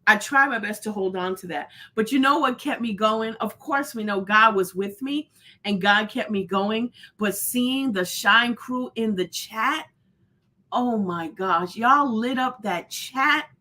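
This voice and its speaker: A woman hosting a live show chats casually on stream, effusive and rambling, greeting viewers by name amid many fillers and restarts. Her voice is fairly high and sharp, her pace unhurried.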